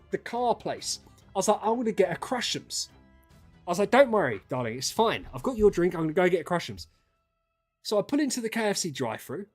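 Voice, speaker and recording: A British man in his thirties tells a stream story in a lively, exasperated rant. His voice sits on the higher side, with a slightly husky edge, and a little music plays faintly behind him. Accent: British English. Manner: animated, swearing, exasperated. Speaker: gaming streamer.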